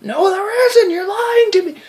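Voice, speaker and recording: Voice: very high voice, unhurried, darkish tone, pitched above the performer's own voice. A vlogger acting out a frantic friend, bitten in a snake cave, crying out shrilly. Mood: panicked.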